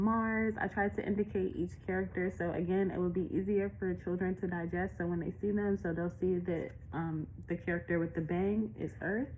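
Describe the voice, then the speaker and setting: A woman's voice: mid-range voice, narrow, tinny audio, slight background noise. A woman illustrator walking through her picture book in a casual, chatty way, out of breath and laughing often.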